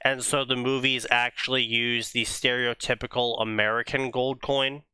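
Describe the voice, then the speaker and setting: A man's voice: mid-range voice, flat delivery, moderate pace, sharp tone, smooth, dry recording. A man co-hosting a casual comedic fanfiction reading stream, rambling through jokey explanations.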